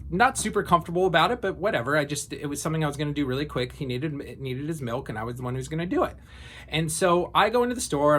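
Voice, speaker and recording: A man's voice: mid-range voice, fairly bright tone, a little hiss or hum. A man in his thirties telling a personal story in a casual, reflective way, with frequent fillers and restarts. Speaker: vlogger.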